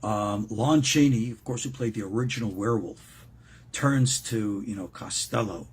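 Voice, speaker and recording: An older man hosts a show, chatting casually and joking around in a playful way, often repeating words when he gets excited. His voice is fairly low and moves at a moderate pace. A little hiss or hum sits under the recording.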